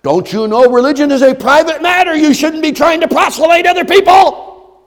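A man voicing a scornful critic who sneers at churchgoers in a shrill mocking shout, with long hall reverb. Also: expressive, normal speed.

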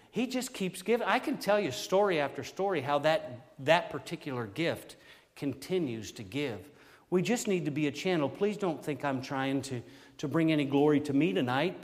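A middle-aged man preaching a sermon, telling stories in a folksy, animated way with frequent exclamations. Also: fairly high pitch, long reverb tail. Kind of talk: storytelling sermon.

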